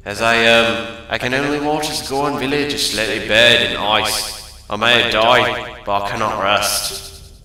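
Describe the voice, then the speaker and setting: A man's voice: on the low side, fairly even intonation, a little slow, bright, forceful tone, heavy reverb, poor audio. A man voicing the proud ghost of a male rock-creature warrior, reading solemn, pleading lines. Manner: solemn, pleading game-text read.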